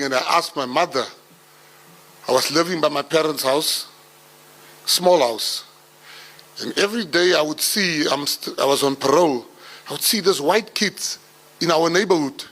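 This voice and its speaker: Man, South African accent, animated comic storytelling, forceful bright voice. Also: a little high, measured pace, pauses often. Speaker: public speaker. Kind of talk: storytelling talk.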